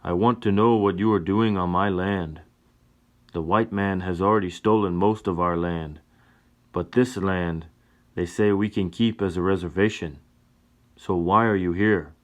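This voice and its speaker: Male reader as a proud tribal chief, stern and measured, low voice. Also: steady tone. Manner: commanding, stern.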